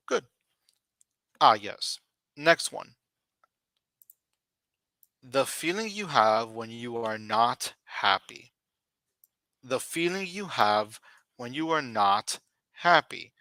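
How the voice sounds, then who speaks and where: A man teaching English vocabulary on a live stream, speaking slowly and deliberately and repeating key words for his learners. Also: medium pitch, expressive, sharp tone, no echo.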